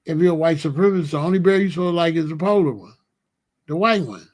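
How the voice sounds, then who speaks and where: A man's voice: fairly high pitch, lively intonation, fast. A man hosting his own show, delivering a casual comedic monologue full of rhetorical questions and chuckling asides. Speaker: host.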